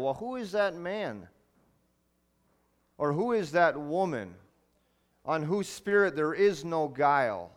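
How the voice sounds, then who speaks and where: A man's voice: on the high side, sing-song, slow pace, pauses often. A man pastor preaching a sermon in church, reading scripture and then speaking earnestly to the young people being confirmed, often asking them questions.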